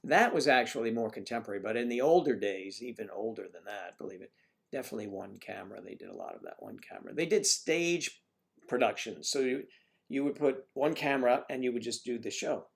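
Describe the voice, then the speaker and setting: A man's voice: medium pitch, sing-song, a little fast, gravelly. A man hosting a casual livestream, chatting in a rambling way with lots of asides to his viewers. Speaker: livestream host. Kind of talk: casual chat.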